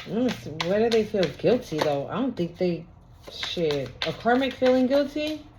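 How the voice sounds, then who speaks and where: A woman's voice: medium pitch, very animated, normal speed, noisy background. A woman doing a casual tarot reading, talking bluntly with slang and profanity. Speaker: tarot reader. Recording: lo-fi recording.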